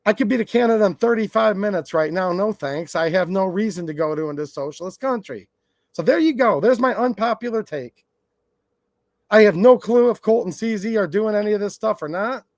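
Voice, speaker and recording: A man's voice: high-pitched, no room sound, studio quality. A man hosting his channel, delivering a blunt, sarcastic rant to his viewers. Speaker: gun channel host. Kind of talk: ranting livestream monologue.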